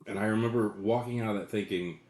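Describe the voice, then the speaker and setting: Deep-voiced guy in his late 40s chatting about movies, rambly and sweary, echoey room. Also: steady tone, quick pace, a little mellow. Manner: loose and rambling, swears often. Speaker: co-host. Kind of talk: casual movie chat.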